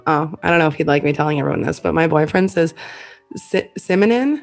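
A woman's voice: low-pitched, fast talker, gravelly, faint music behind. A woman with a Canadian accent hosting a podcast in casual chat, laughing often between her phrases. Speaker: podcast host.

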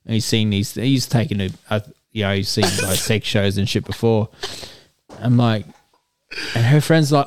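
A man's voice: on the low side, normal speed. A man, rambling through a crude anecdote and acting out the people in it. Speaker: storyteller guest. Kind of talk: casual podcast chat.

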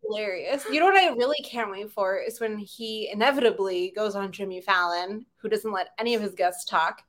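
A woman's voice: medium pitch, a little fast, a bit bright, a little hiss or hum. A young woman co-hosting a casual movie chat, rambling with many fillers and bursts of laughter. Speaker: podcast co-host.

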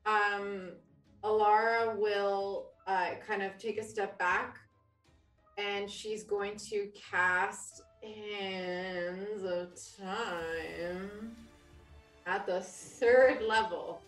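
A woman's voice: mid-range voice, fairly even intonation, very slow, a bit bright, roomy sound, far from the mic, soft background music. A woman playing a tabletop game, talking hesitantly and thinking aloud as she works out her turn. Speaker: player.

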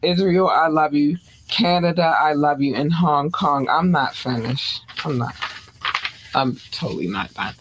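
Effusive show host, rambling shout-out delivery, middle pitch. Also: unhurried. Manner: effusive, rambling, lists countries with fillers. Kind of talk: casual on-air shout-outs.

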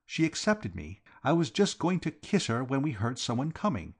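A man voicing a frantic, rattled young gentleman in an audiobook reading. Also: mid-range voice, very animated, moderate pace, slightly rough, pitched above the performer's own voice. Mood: frantic, rueful.

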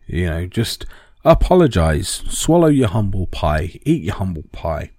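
A man's voice: deep voice, big pitch swings, measured pace, mellow, dry recording, studio quality. A man explaining in a casual, rambling talk with many ums and restarts.

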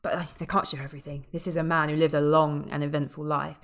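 A woman's voice: low-pitched, fast talker. A woman co-hosting a podcast, chatting casually about a film with lots of fillers and the odd swear word. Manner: animated, swearing, many fillers. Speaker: podcast co-host. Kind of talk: casual film review chat.

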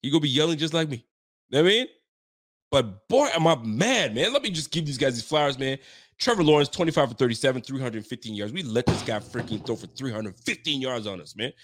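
An animated, fast-talking man with a mid-range, slightly bright voice hosts a sports show from Ontario, Canada. He's venting in a fired-up postgame rant, heated and cursing often.

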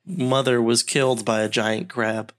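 A man's voice: mid-range voice, fairly even intonation, a little slow, a bit bright. A man in casual chat who jokes and laughs often.

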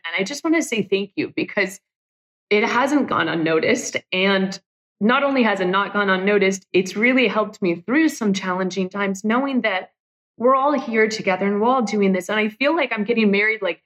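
A woman's voice: mid-range voice, rough recording. Candid woman hosting a solo podcast. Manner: candid, emotional, frequent "like" fillers. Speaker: podcast host.

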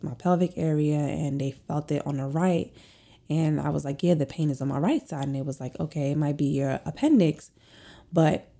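A woman's voice: deep voice, creaky, warm tone. A young woman tells a personal story in a chatty, rambling way, full of "like" and "um". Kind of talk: casual storytelling.

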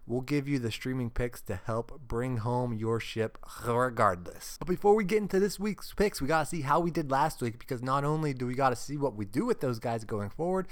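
Male podcast host, solo, mid-pitched, upbeat and jokey. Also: animated, brisk, hardly any pauses. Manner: upbeat, jokey, laughs often.

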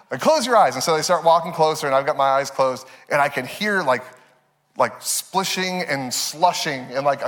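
Man, pastor, thirties, lively storytelling sermon, slightly high voice, long church reverb. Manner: animated, laughing through stories, many fillers. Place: church sanctuary.

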